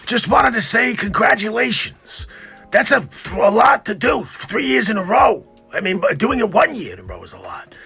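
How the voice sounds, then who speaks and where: Hear a man putting on a loud, gravelly old official in a comedy bit. The voice is high and sharp, swooping all over, with a husky rasp. He barks his lines with dismissive bluster. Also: heavily acted. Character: gruff older male health official, dismissive. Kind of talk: comedic impression.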